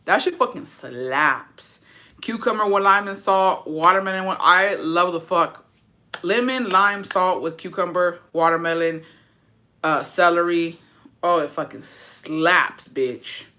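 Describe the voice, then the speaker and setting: A woman's voice: lowish voice, unhurried, bright, forceful tone. A young woman livestreaming, chatting casually and answering viewer comments in a blunt, profane and dramatic way.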